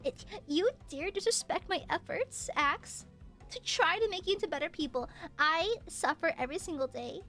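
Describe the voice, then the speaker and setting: A woman streamer in casual livestream chat, reading donations with melodramatic mock suffering and yelling at her chat. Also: very high voice, normal speed, soft background music.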